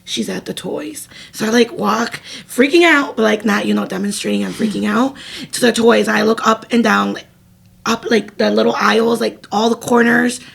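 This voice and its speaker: A woman's voice: a little high, steady tone, normal speed, creaky, breathy edge. A young woman co-hosting a podcast, telling a story in casual chat with lots of laughing and fillers. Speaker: podcast co-host.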